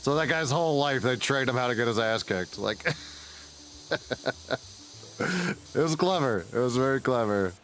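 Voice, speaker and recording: A man's voice: mid-range voice, lively intonation, unhurried, long pauses, a bit bright. Rambling, foul-mouthed male gamer. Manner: rambling, profane, laughs at his own stories. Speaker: gaming streamer. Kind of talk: casual gameplay commentary.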